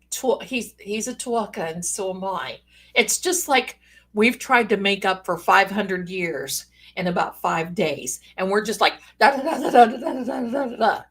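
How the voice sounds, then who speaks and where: Medium-pitched and a bit bright, this woman's voice carries a casual live stream where she rambles through stories. Playful asides pop up, and she addresses viewers with pet names.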